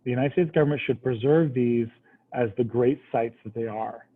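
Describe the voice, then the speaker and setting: An adult man who served in the military teaches a history class at normal speed in a medium-pitched voice. His lecture is casual and conversational, often checking understanding with "right?", and the recording sounds tinny and phone-like.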